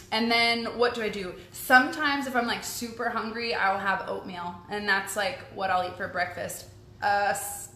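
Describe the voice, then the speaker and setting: A woman's voice: mid-range voice, pushed and bright, a little hiss or hum. A young adult woman hosting a casual live stream, chatting upbeat with viewers and reading out their questions, full of ums and likes. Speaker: host answering viewer questions. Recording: echoey room with faint ambience.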